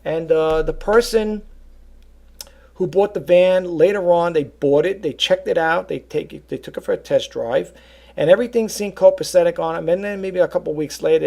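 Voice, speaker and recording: Middle-aged man, very gravelly voice, slightly high pitch, casual rambling vlog talk, lots of fillers. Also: a little fast, a little mellow. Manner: rambling, many fillers and asides, addresses viewers as folks. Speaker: vlogger and eBay reseller.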